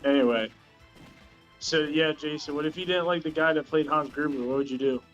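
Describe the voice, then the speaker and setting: A man's voice: on the high side, a little fast, a bit bright, dull audio, soft background music. A tired man in casual chat while streaming a game, rambling and laughing, with lots of "like". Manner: rambling, laughs often, says "like" a lot.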